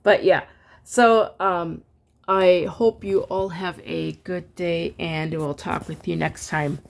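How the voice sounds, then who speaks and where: A woman's voice: fairly low pitch, steady tone, slow pace, vocal fry. A woman teaching a casual online music lesson, singing solfege syllables and chatting with fillers and laughs.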